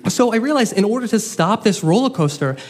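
A young man telling a funny personal story on stage, animated and self-mocking with quick asides. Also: high-pitched. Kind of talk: live comic storytelling.

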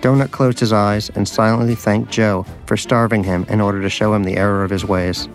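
A man's voice: fairly low pitch, flat delivery, fairly quick. A man reading a story aloud in scripted narration, with a dry, wry storyteller's manner. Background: music.

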